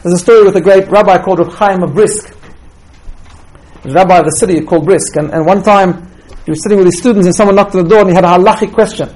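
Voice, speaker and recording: A man's voice: high-pitched, fairly even intonation, fast, darkish tone, rough recording. A man giving a religious teaching talk, telling stories and checking in with "right?" as he goes, often repeating words as he restarts. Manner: storytelling, tags points with "right?".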